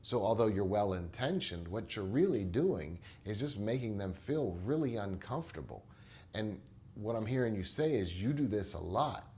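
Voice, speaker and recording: A man's voice: fairly low pitch, sing-song, moderate pace, a little mellow. A male therapist telling a session story in an earnest, conversational way, often repeating words as he starts a thought. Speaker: therapist and coach. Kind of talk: storytelling monologue.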